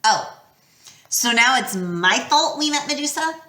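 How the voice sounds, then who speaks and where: A woman's voice: sits high, lively intonation, measured pace, pushed and bright, pitched above the performer's own voice, heavily acted. A woman voicing a shaken, blunt teenage boy hero in a storybook reading, in a roomy-sounding recording. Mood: irritated. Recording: roomy echo.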